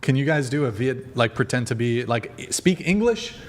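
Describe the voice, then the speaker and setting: A man's voice: medium pitch, animated, normal speed. A man hosting a live dating debate show, teasing and goading his guests. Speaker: host.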